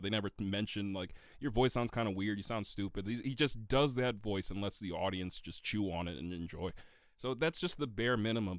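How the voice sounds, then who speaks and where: Male podcast co-host, casual and excitable, laughs through his points, dry close sound. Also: medium pitch, dry recording. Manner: animated, laughs often, swears casually. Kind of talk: casual movie discussion.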